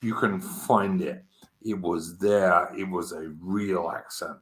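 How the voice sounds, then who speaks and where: A man's voice: low-pitched, steady tone, slow pace, fairly bright tone. A man with a Cockney accent hosting a casual online panel chat, blunt and opinionated, often cutting in. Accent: London Cockney. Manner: opinionated, interrupts. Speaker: host. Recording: echoey room.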